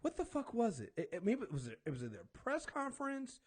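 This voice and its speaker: A man's voice: very high-pitched, wildly swooping pitch, a little fast, husky. A man hosting a talk show, chatting casually and ranting with lots of profanity and acted-out exchanges. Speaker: podcast host. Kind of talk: casual chat.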